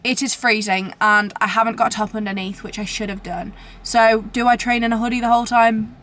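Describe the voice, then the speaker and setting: A woman's voice: on the high side, level tone, a little fast, a bit bright. A young woman with a British accent, chatting casually to camera in a rambling, self-deprecating way. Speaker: vlogger. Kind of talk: casual vlog chat to camera.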